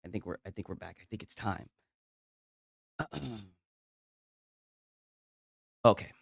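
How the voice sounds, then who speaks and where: A man's voice: on the low side, slow, vocal fry, breathy edge, no echo, clean studio sound. A man hosting casual gaming commentary from a home setup, talking in a profane, mocking way and laughing often.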